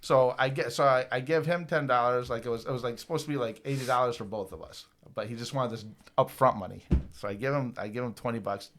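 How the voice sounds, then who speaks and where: A man's voice: mid-range voice, quick pace. A man from Northern New York, telling a story in a casual podcast chat and acting out the people in it. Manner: animated, laughing, lots of acted quotes. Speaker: podcast co-host.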